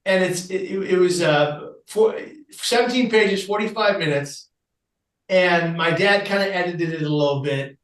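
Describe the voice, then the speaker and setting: Animated man telling a story, roomy sound. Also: high-pitched, moderate pace, distant mic. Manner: animated storyteller, acts out quoted people. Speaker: guest. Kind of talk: storytelling in a podcast interview.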